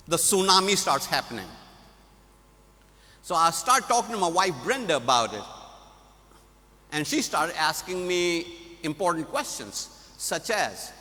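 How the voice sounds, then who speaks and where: A middle-aged man preaching at a conference, telling a story in an animated way. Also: high voice. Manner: animated storyteller, laughs at his own story. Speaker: conference speaker. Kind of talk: storytelling sermon. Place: large conference hall. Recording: echoey hall.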